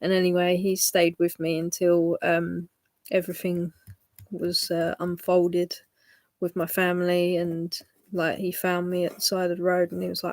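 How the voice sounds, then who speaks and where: A woman livestreaming, telling a personal story in a halting way with frequent ums. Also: on the low side, monotone, darkish tone, dry recording, studio quality.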